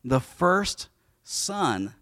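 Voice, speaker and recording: A man's voice: on the high side, sing-song, drawn-out words, bright, forceful tone, dry recording, clean studio sound. Casual storytelling pastor, man. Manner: casual storytelling, acts out the voices. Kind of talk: sermon.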